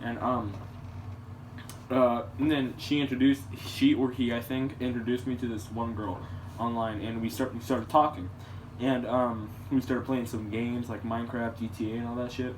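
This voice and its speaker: A man's voice: medium pitch, little pitch movement, moderate pace. A man telling a casual story in a rambling, crude way, with many restarts. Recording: distant mic with clear background noise.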